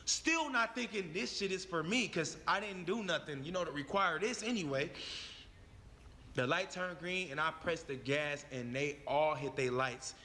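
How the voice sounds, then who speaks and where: A man's voice: fairly high pitch, moderate pace, pushed and bright, a little hiss or hum. A young man telling his own story in a heated, profane, emphatic way. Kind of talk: animated storytelling. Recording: long reverb on the voice.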